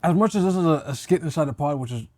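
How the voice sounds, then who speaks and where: A man on a podcast, wryly cutting in to pause and check on things for the viewers. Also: on the high side, expressive, a little mellow. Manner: wry, keeps interrupting to check things. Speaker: podcast co-host. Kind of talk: casual podcast commentary.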